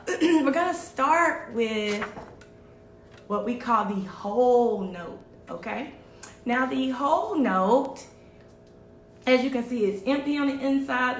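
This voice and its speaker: A woman music teacher talks slowly and patiently, checking in with her young listeners again and again. She sits a little back from the mic, so the room echoes around her voice. A faint low rumble hums underneath. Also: gravelly, distant mic. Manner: patient, repeats and checks in with "all right?". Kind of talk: online music lesson for children.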